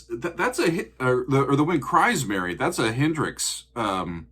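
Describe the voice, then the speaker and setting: A man's voice: medium pitch, very animated, a little slow, a bit bright, husky. A man, hosting a casual music reaction video, chatty and joking, often laughing.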